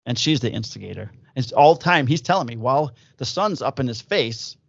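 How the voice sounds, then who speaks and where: A man, a police officer and podcast co-host, telling a story from work in a casual, profane, animated way. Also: medium pitch, brisk, gravelly, husky, no echo. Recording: dull lo-fi dry audio.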